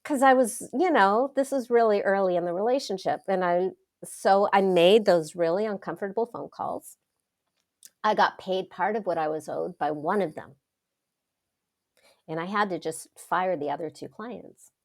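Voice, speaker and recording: Dramatic, expressive woman coach. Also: mid-range voice, normal speed. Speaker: wealth coach, podcast guest. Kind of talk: casual interview chat.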